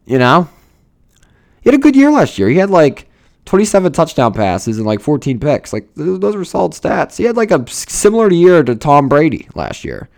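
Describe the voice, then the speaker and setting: A man's voice: on the high side, big pitch swings, normal speed, vocal fry, darkish tone. A young man, ranting casually and profanely, full of fillers and rambling asides. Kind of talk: casual rant.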